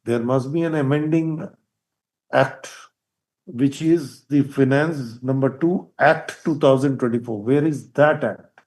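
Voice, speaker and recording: Older judge with a mellow voice. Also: male voice, medium pitch, measured pace. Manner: probing, pointed questions, repeats words while thinking. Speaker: presiding judge. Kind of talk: courtroom hearing. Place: courtroom.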